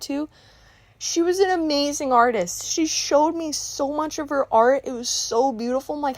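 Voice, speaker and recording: A young woman chatting casually while painting, telling a work storytime in an animated, exclamatory rant. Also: on the high side, normal speed, dry recording. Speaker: art vlogger telling a story time.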